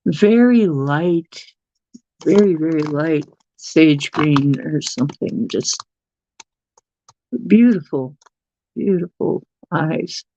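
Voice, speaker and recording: A livestream host chatting casually and at length, reading viewers' messages aloud and cooing softly at pets. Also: mid-range voice, no room sound, dull audio. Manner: rambling, chatty, reads chat aloud.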